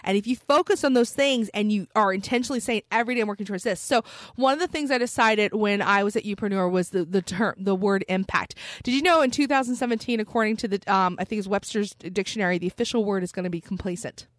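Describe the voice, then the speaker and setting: A middle-aged woman co-hosting a podcast, telling stories in an excitable, animated way. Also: medium pitch, fast talker, hardly any pauses, dry recording. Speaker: podcast co-host. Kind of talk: casual chat.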